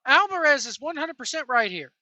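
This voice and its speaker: A woman with a high, bright voice rants about wrestling from behind the wheel. She is profane and mocking, with a sarcastic edge. The sound is close and dry. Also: sing-song, fairly quick, no room sound. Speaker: wrestling commentary vlogger. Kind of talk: ranting reaction commentary while driving. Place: in a vehicle.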